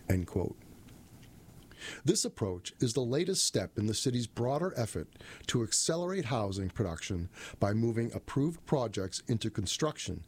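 A man with a lowish, husky voice reads a news release aloud in a plain, steady manner. He raises his voice for quoted passages and stops to correct his own slips as he goes. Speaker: reader of a city press release.

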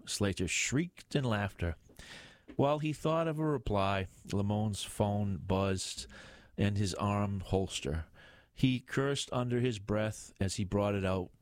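Male audiobook narrator, lowish pitch, steady read, dry close sound. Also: takes it slowly, no room sound. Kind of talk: reading a crime novel aloud.

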